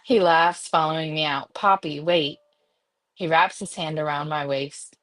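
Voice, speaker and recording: A woman's voice: low-pitched, fairly even intonation, normal speed, a bit bright. A woman reading a romance novel aloud, giggling now and then between passages. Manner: giggly, breaks into laughter. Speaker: reader.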